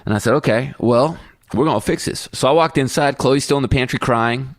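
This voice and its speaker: A man's voice: mid-range voice, brisk, no echo. A middle-aged man co-hosting a podcast, telling a family story in casual chat and acting out his kids' voices. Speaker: podcast co-host.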